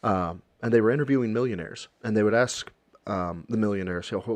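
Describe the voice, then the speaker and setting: A man's voice: lowish voice, brisk, no echo. A man reacting to a video on his stream, making sarcastic and profane rambling asides. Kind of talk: casual reaction commentary.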